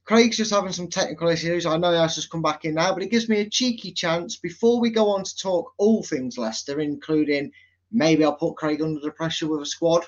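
A man's voice: a little high, a little fast. Chatty man hosting, dull sound. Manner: chatty, teasing, says mate a lot. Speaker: podcast host. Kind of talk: casual football podcast chat.

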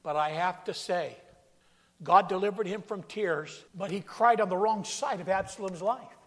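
In a church sanctuary with the long reverb of a large hall, a pastor preaches dramatically, acting out scripture quotes and calling out to his congregation. His voice is high-pitched and moves at normal speed.

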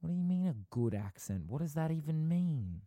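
A man's voice: a little high, sing-song, a little fast, mellow, dry recording. A man co-hosting a podcast, bantering casually, teasing and getting emphatic in arguments. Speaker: podcast co-host.

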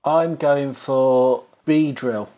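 A man's voice: mid-range voice, fairly even intonation, very slow, mellow, dull audio. A man with brief, easygoing replies. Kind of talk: casual film-review chat.

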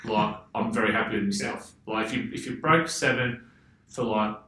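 A man's voice: on the low side, moderate pace, pushed and bright, reverberant, low-quality recording. A man with an Australian accent telling loose, rambling stories in casual chat, swearing freely and laughing often. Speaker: podcast guest, former footballer.

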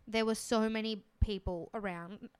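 A woman co-hosting a podcast in casual chat, relaxed and agreeable, with many yeahs and fillers. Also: mid-range voice, moderate pace, clear, resonant tone, no echo.

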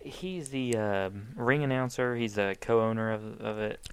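A young American man chats loosely on a podcast, his voice sitting low with a gravelly edge. He rambles, swears freely and jokes with his co-host. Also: unhurried, no echo. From United States. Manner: rambling, profane, joking. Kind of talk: casual chat.

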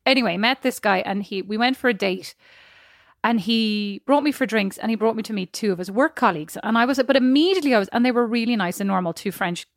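A woman chatting casually as a podcast co-host, frank and opinionated in quick banter. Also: on the high side, no room sound, studio quality. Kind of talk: casual chat.

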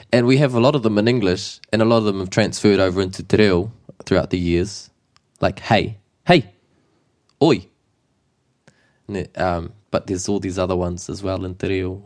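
A man with a New Zealand accent teaching te reo Māori in a casual, playful lesson, mixing Māori and English with lively exclamations. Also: deep voice.

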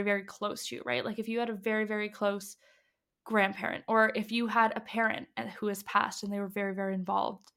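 A young woman who works as a medium and past life regression guide chats casually on a podcast, using lots of fillers and acting out the dialogue she quotes. Her voice is medium-pitched with a fairly bright tone.

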